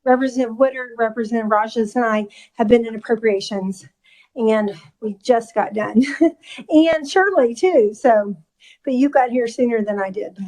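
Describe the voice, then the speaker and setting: A woman chairing a legislative committee hearing, a little out of breath, brisk and friendly as she runs the agenda. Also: fairly high pitch, fairly even intonation, darkish tone, rough recording.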